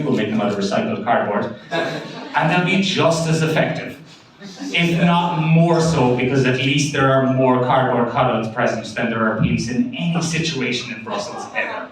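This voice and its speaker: Sweary Irish stand-up in an echoey club. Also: male voice, medium pitch. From Ireland. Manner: sweary, self-mocking, quick asides to the crowd. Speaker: stand-up comedian. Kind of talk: open mic stand-up set. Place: comedy club stage. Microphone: handheld mic, recorded by a far camera. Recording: echoey club from far off, audience noise.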